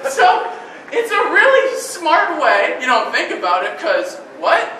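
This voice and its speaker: A male comedian with a high, bright voice works through a crude observational bit with lots of energy. The club is very echoey and the mic sits far from him. A faint hiss stays under everything. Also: a little slow. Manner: crude, animated observational riffing. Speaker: stand-up comedian. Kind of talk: stand-up bit.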